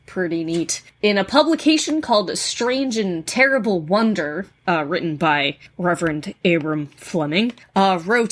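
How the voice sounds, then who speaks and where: A woman from New England co-hosting a podcast, telling spooky folklore in a relaxed, casual way with plenty of ums and uhs. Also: fairly low pitch, unhurried. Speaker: podcast co-host. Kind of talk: casual chat, storytelling folklore.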